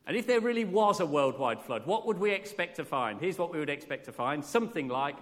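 A man's voice: a little high, expressive, fairly quick, fairly bright tone. A man preaching a morning sermon in an earnest, conversational way, often putting questions to the congregation. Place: church during a morning service. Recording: long reverb from a church hall.

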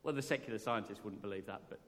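A man's voice: on the low side, quick pace. A man preaching a morning sermon in an earnest, conversational way, often putting questions to the congregation. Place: church during a morning service. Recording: long reverb from a church hall.

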